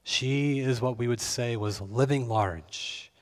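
Fervent preacher in a reverberant hall. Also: male voice, mid-range voice, takes it slowly. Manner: expressive, swings between hushed and fervent. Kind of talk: sermon.

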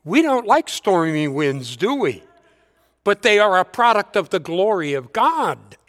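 A man preaching a sermon. He builds up emphatic lists and drops to hushed, repeated words. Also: sits high, sing-song, big-room sound. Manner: slow, rising to emphatic lists, dropping to hushed repetition.

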